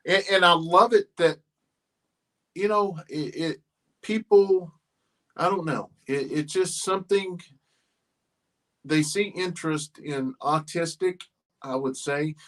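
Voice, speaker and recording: A middle-aged man, hosting a casual livestream chat about his farm and family, rambling and halting with many fillers. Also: a little high, a bit bright. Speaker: farm channel host.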